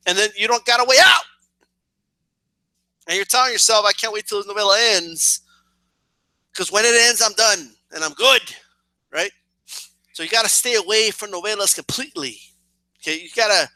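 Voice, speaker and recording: A man's voice: sits high, no room sound. A young man with a slight cough, ranting comically to camera, swearing a lot and stammering over repeated words. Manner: animated, swearing, stammering repeats, acts out shouts. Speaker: boxing channel vlogger.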